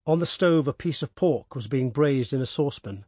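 A man narrating a story aloud in a measured, even manner. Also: mid-range voice, no room sound, clean studio sound. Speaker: audiobook narrator. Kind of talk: scripted narration.

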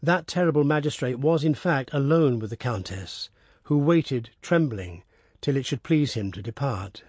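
A man narrating a classic story in a steady, even audiobook reading. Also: medium pitch, moderate pace, breathy edge, no echo, clean studio sound.

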